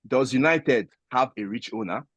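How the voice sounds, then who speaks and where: A man's voice: mid-range voice, normal speed, dry recording. A man defending his club in a football debate, hesitant with many fillers. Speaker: guest pundit.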